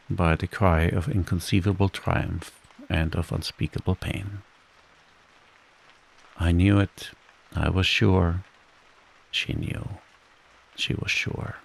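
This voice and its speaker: Deep gravelly bedtime narrator man. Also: poor audio. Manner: soothing and unhurried. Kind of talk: scripted narration.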